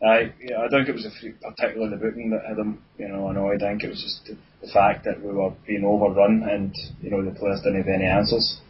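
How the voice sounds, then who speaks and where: A man's voice: lowish voice, level tone, fast talker, few pauses, lo-fi sound, noisy background. A Scottish man chatting casually about football on a podcast, rambling with lots of fillers. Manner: rambling, many fillers, says aye often. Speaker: podcast co-host.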